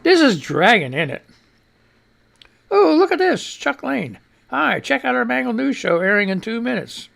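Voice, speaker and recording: Gravelly rambling man hosting a show. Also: extremely high pitch, sing-song, moderate pace, a bit bright. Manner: rambling, sarcastic, trails off and repeats himself. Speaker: radio show host. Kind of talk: casual chat reading comments aloud.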